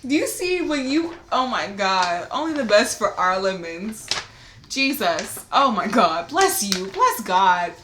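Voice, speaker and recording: A woman's voice: medium pitch, big pitch swings, takes it slowly, noisy background. A young woman co-hosting a casual podcast, reading a listener's letter aloud, laughing often and swearing freely. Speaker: podcast co-host. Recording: roomy echo.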